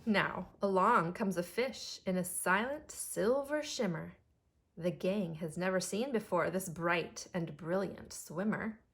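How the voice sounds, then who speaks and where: Slow, expressive preschool teacher. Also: female voice, fairly low pitch, vocal fry, faint music behind. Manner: slow, expressive, child-directed. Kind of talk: reading a picture book aloud to children.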